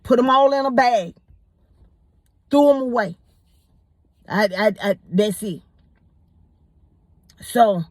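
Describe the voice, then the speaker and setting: Woman, casual storytelling, higher pitch, dry room. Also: no room sound. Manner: animated, repeats words, acts out quotes. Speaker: storyteller host.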